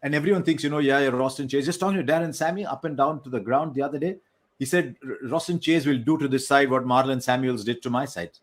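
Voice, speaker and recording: Man, cricket analyst, measured, analytical, remote link. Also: mid-range voice. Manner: measured, analytical, self-correcting. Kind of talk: post-match analysis chat.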